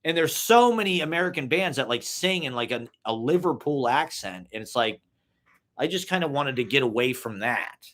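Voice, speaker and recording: A man's voice: medium pitch, expressive, moderate pace, a bit bright. A young man talks off the cuff in a mid-range voice, drifting from thought to thought. His speech is loose and profane, thick with "like" and "you know". It sounds like a casual solo vlog. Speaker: vlogger. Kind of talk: casual rambling monologue.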